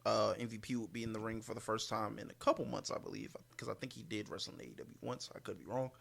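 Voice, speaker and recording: A man's voice: fairly low pitch, fairly even intonation, fast, vocal fry, a bit bright, slightly rough. Casual man picking wrestling winners. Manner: hesitant, lots of fillers, joking asides. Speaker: podcast co-host. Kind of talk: casual wrestling predictions chat.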